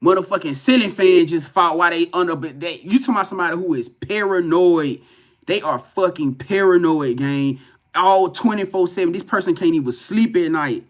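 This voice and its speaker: A man, reading cards live for an online audience. He talks in an animated, profane way, circling back on the same points and leaning hard on them. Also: sits high, fairly quick. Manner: profane, repetitive, animated preaching to viewers. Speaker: tarot reader. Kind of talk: live spiritual reading stream.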